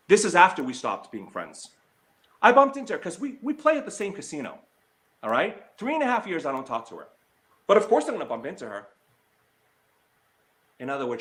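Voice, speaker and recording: Heated, lively man ranting to camera. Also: sits high, normal speed, pauses often. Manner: heated, indignant, reads text messages aloud. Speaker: slots vlogger. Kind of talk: angry personal callout rant.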